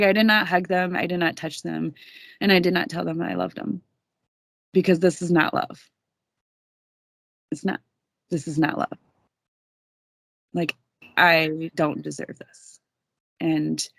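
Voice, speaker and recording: Gravelly young woman telling her story. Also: on the low side, no room sound. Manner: candid, swears freely, says "dude". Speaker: podcast guest. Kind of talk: casual storytelling.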